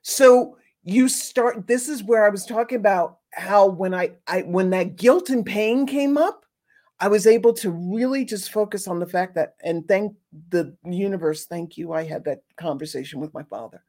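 A woman's voice: mid-range voice, normal speed, darkish tone. Earnest woman musing on grief. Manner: earnest, rambling, frequent restarts and swearing. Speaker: host. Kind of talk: casual spiritual talk.

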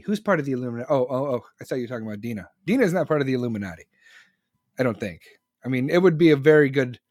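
A man's voice: medium pitch, dry recording, clean studio sound. A man in his forties in casual, profane, rambling chat, reading and answering comments from his audience.

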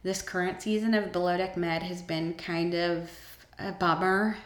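A woman's voice: fairly low pitch, flat delivery, moderate pace, echoey room. A woman vlogger chatting casually about shows and books she enjoys, with many ums and eager asides.

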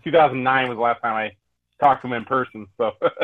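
A tired man in a casual group chat, talking on his phone in a relaxed, hesitant way. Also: medium pitch, fast, no echo, phone-quality sound. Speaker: podcast co-host.

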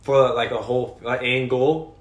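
A man's voice: mid-range voice, fairly even intonation, moderate pace. A young man co-hosting a podcast, telling rambling stories with swearing and laughter in casual chat. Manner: profane, laughing storyteller. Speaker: podcast co-host. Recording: echoey room.

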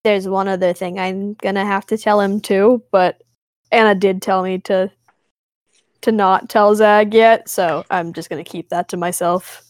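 A woman playing a tabletop game, excitable and often laughing. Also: mid-range voice, no room sound. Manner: excitable, laughs often, slow drawn-out speech. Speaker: player. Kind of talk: casual tabletop play.

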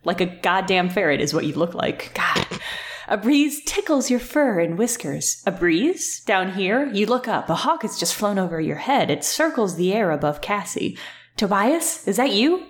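A woman's voice: mid-range voice, very animated, moderate pace. A woman reading a story aloud with sardonic, playful asides. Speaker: podcast co-host reading aloud.

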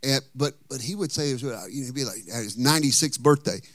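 A middle-aged man preaching a sermon as pastor, animated and folksy, with humorous asides. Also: mid-range voice, brisk, no room sound.

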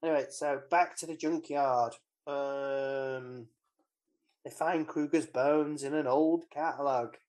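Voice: medium pitch, steady tone, takes it slowly, darkish tone. A podcast co-host, casually retelling a film plot in a wry, rambling way with lots of ums. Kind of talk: casual film recap chat.

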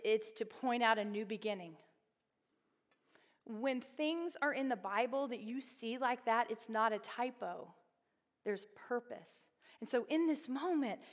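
A woman leading a Bible study group, talking conversationally and often asking her listeners questions. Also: a little high. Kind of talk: women's Bible study teaching. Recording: reverberant hall.

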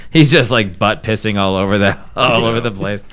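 A man's voice: fairly low pitch, normal speed, a bit bright. A man in casual comedic chat, laughing often and acting out quotes in silly voices.

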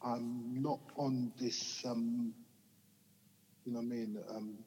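A man's voice: mid-range voice, level tone, takes it slowly, dark tone, breathy edge, long reverb tail, rough recording. A man with a Cockney accent, a guest telling his life story in a rambling way, often asking "you know what I mean?". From England. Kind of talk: candid personal storytelling.

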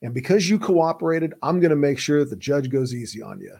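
A man acting out a smooth-talking, friendly police interrogator who speaks in a soft, coaxing, confiding way. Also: on the high side, animated, fairly quick, exaggerated voice.

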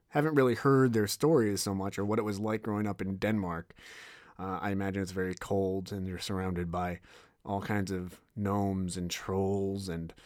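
A man's voice: fairly low pitch, a little mellow, no echo, studio quality. A young man hosting a podcast, talking casually in a rambling way with lots of fillers and restarts. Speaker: podcast host. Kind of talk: casual solo podcast intro.

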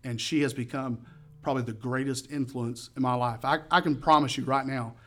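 A man giving his testimony as a sermon, telling a story and acting out the voices he quotes by raising and yelling them. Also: medium pitch, steady tone, a little fast. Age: adult, past high school.

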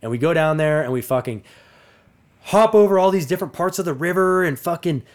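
A young man co-hosting a podcast, telling a profane, animated story and laughing often. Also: on the high side, a little fast. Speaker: podcast co-host. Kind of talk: casual storytelling chat.

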